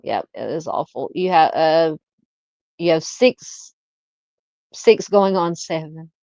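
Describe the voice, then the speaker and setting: A chatty woman with a Southern American accent hosts a casual live chat and reads viewer comments aloud. Her voice sits at an ordinary pitch. The sound is dull and muffled, with a dry, close feel. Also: lively intonation, slow pace, a little mellow, dry recording. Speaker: livestream host.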